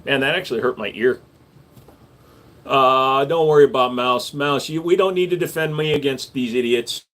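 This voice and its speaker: A man in the middle of his range talks casually to his live-stream viewers. His answers are blunt and matter-of-fact, and his tone stays relaxed and conversational. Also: medium pitch, moderate pace, slight background noise. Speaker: live stream host and gun store owner.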